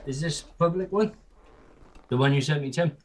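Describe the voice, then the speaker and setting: A man's voice: fairly high pitch, normal speed. A man with a Welsh accent hosting a casual livestream chat in an easygoing, matter-of-fact way. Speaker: host.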